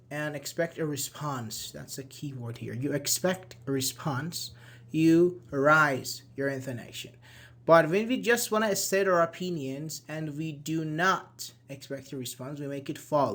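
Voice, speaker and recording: A man with a fairly high voice teaches an English grammar lesson to an online class. He explains patiently, repeating key words and using "uh" and "okay" often as he goes. He talks into a computer mic on a video call. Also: a bit bright.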